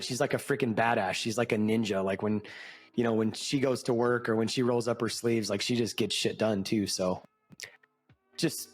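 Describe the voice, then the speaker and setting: A man's voice: mid-range voice, normal speed, faint music behind. A middle-aged man co-hosting a podcast, talking casually and reflectively in a rambling way, with the odd swear word. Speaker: podcast co-host. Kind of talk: casual chat.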